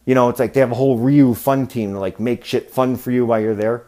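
A man's voice: medium pitch, steady tone, quick pace, warm tone. Profane rambling man telling stories. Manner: profane, rambling, acts out quoted voices. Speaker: podcast host. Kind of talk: casual storytelling monologue.

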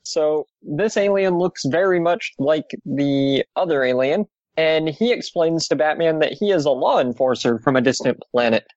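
A man's voice: a little high, normal speed, few pauses, no echo, muffled recording. A man casually recapping an old comic book story on a podcast, with dry asides. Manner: steady summarizing, dry asides. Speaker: podcast host.

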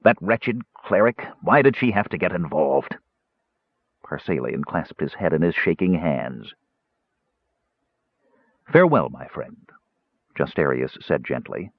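A man giving a dramatic, lively narration of a fantasy audiobook. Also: rumbling low, a little slow, no echo. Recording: tinny phone-like dry recording.

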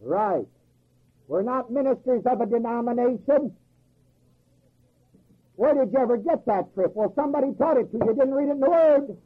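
A man's voice: extremely high pitch, animated, normal speed, pauses often, breathy edge. A man preaching a sermon in a folksy, emphatic way, firing rhetorical questions and chuckling at his own jokes. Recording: tinny phone-like old recording.

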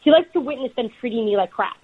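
A woman in her thirties talks on a podcast, telling animated, laugh-filled stories. Her voice sits fairly high and has a husky edge. The sound is a little dull and lo-fi. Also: quick pace. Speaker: podcast guest, football reporter. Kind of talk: casual chat.

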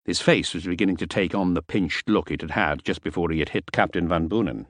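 A man's voice: low voice, fairly quick, hardly any pauses, no room sound. A man narrating a novel in the first person, with a wry, self-justifying manner. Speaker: audiobook narrator.

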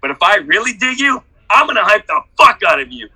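A middle-aged man on a group video call, swearing freely and moving from quiet confession to shouted hype-man enthusiasm. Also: very animated, a little fast, few pauses, breathy edge, low-quality recording. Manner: profane, exuberant, hype-man energy swinging from low confession to shouting. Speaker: workshop participant.

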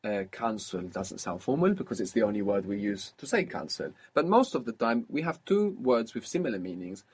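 Brief: male language tutor, slightly husky, very animated intonation, patient prompting style. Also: fairly low pitch, fairly quick. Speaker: language teacher. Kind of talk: spoken language lesson.

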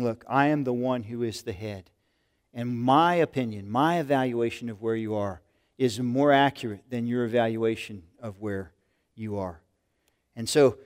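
An older man delivers a sermon in an earnest, conversational manner. His voice sits at an ordinary middle pitch, and he often circles back and restarts a phrase as he teaches. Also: darkish tone. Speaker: pastor.

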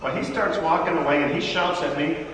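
A man in his thirties teaching a church audience, an animated storyteller who acts out the voices in his stories. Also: a little high, fairly quick, noisy background. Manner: animated storyteller acting out dialogue. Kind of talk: lively talk to a live audience. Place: large hall with audience. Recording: echoey hall from far off.

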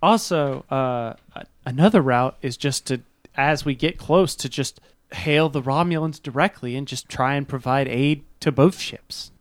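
A man playing a tabletop role-playing game, eagerly pitching ideas and asking questions. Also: unhurried, no room sound. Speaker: player.

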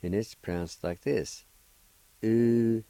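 A man hosting a radio language lesson, spelling and pronouncing each word slowly and patiently, repeating it several times. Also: lowish voice, warm tone, no echo, rough recording. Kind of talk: slow spelling and pronunciation lesson.

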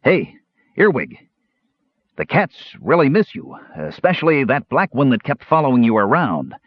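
A man's voice: medium pitch, wildly swooping pitch, moderate pace, dry recording, highs cut off, pitched above the performer's own voice. A man voicing a big, loyal male warrior who talks in an earnest, urgent way in an audiobook. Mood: urgent calling. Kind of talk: audiobook character voice.

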